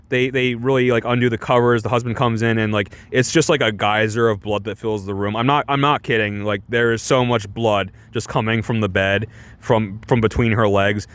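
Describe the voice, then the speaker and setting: A man's voice: medium pitch, fairly bright tone. A young man giving a casual, sarcastic movie review on a stream, full of restarts and rhetorical questions.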